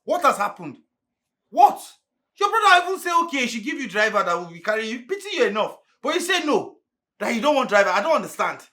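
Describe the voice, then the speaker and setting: A man's voice: high voice, sing-song, fast, heavily acted. An actor with a Nigerian accent playing a proud young driver who lectures his boss bluntly. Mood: scolding. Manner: lecturing, scolding loudly. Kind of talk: Nollywood film acting.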